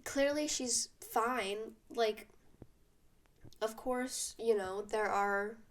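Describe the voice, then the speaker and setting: A teenage girl venting through a storytime vlog, her voice sitting a little high. She talks in an animated rush, packed with fillers. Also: very slow. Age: teens. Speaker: vlogger.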